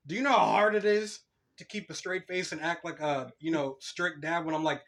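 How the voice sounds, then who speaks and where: Animated cursing podcast guy. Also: on the high side, moderate pace. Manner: swears a lot, animated storytelling. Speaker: podcast co-host. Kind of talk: casual podcast chat.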